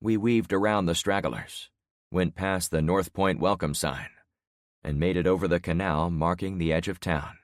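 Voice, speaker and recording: A man in his sixties narrating an audiobook in the first person with steady storytelling. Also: low voice, moderate pace, no echo, studio quality. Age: 60s.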